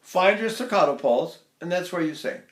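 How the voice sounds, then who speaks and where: A man's voice: lively intonation, moderate pace. An older man teaching vocal technique, stopping to demonstrate sighs and sung phrases. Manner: demonstrates by sighing and singing phrases high. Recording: echoey room.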